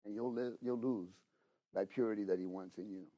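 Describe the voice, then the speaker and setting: A middle-aged man delivers a sermon in a husky, breathy voice. He talks to the listeners as if in conversation, dropping in "you know?" and "okay?". His delivery keeps swinging from loud, emphatic exhortation to hushed, intimate asides. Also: fairly low pitch, fairly even intonation, normal speed, lo-fi sound. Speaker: preacher.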